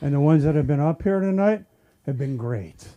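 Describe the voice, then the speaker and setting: A man doing a deadpan, self-deprecating stand-up set at a comedy club open mic. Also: fairly high pitch, normal speed, dull audio. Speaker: stand-up comic.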